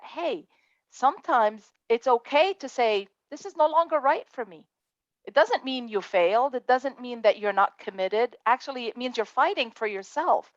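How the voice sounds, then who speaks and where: A woman's voice: on the high side, no room sound, highs cut off. A woman on a panel talking in an earnest, motivational way, often restarting her sentences. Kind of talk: panel discussion.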